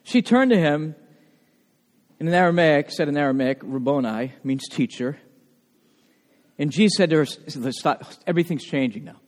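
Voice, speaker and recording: A man preaching with a high, very lively voice that swoops up and down as he tells stories. He often restarts his phrases mid-thought. His voice rings out in a church hall with a long echo. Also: unhurried, pauses often. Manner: animated storytelling with frequent restarts. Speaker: pastor. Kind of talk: sermon.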